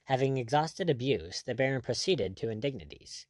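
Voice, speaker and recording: A man's voice: medium pitch, expressive, moderate pace, darkish tone, no echo. Man narrating an audiobook.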